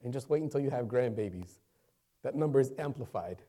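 A man's voice: medium pitch, lively intonation, a little fast, dark tone. A man preaching a sermon, speaking conversationally at first and rising into fervent, raised-voice preaching, repeating phrases for emphasis. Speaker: pastor.

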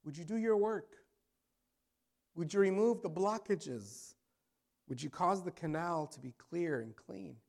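A man preaching a sermon as pastor, rising into loud appeals and falling to hushed, prayerful tones. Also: a little high, a little slow, creaky, pauses often.

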